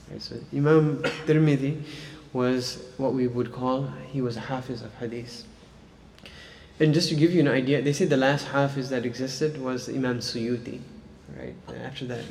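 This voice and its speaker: A man's voice: medium pitch, creaky, darkish tone, long reverb tail, slight background noise. A man teaching Islamic studies in a casual lecture style, talking conversationally and often checking in with "right?". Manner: conversational, frequent "right?" and "like" fillers.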